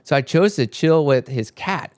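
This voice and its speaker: His voice is fairly high-pitched, clear, and resonant, moving at a normal speed with no room sound. The young spiritual content creator rambles through a spiritual story, swearing often and animatedly quoting himself and his friends.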